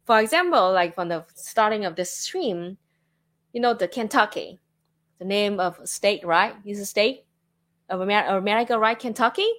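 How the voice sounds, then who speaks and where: A woman from Vietnam talks chattily on her livestream, her Vietnamese accent clear and her sentences sprinkled with "like" and "you know." Her mid-range voice is animated and fairly bright, at normal speed.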